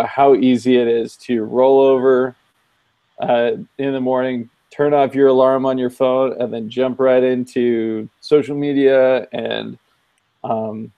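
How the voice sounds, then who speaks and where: A man co-hosting a casual chat, relaxed and measured, with many ums, wearing headphones. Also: mid-range voice, vocal fry, no room sound, highs cut off. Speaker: co-host.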